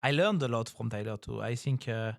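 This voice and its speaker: A man hosting a podcast in casual chat, relaxed and a little hesitant, laughing along with his guest. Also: medium pitch, fairly quick, creaky, no echo, clean studio sound. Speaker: podcast host.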